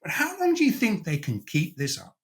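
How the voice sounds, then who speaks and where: A man's voice: high-pitched, wildly swooping pitch, fairly quick. A man hosting a conversational interview, emphatic and circling back to restate his point. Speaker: host.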